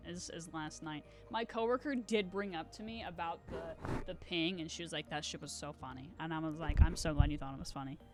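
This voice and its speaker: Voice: medium pitch, a bit bright. Rambling, giggly live streamer. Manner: rambling, self-deprecating, giggly asides. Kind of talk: casual gaming stream chat.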